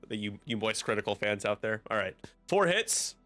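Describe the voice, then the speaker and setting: A man commentating a tabletop miniatures game in casual chat, given to loud excited outbursts and frequent laughter. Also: fairly low pitch, normal speed, few pauses, faint music behind.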